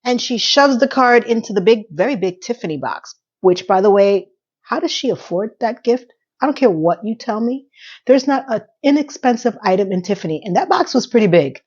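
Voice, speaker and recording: Brief: higher-voiced woman, chatty recapper, animated storytelling, muffled lo-fi sound. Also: normal speed, husky. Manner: animated, acts out quotes. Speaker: TV episode recapper.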